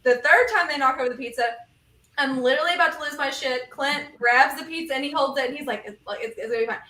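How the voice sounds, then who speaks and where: A woman hosting a casual group chat, telling stories quickly and with lots of swearing. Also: sits high, bright, forceful tone, reverberant, far from the mic. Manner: fast, profane storytelling. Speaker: podcast host.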